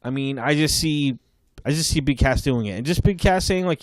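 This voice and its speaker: A man's voice: medium pitch, animated, normal speed, no echo. A man on a casual podcast panel, enthusiastic and rambling as he gives his opinions.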